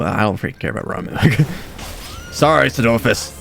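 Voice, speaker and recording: A young man giving casual, excitable gameplay commentary, laughing often and exclaiming at the game. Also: lowish voice, moderate pace, vocal fry, pauses often, slight background noise. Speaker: let's play gamer.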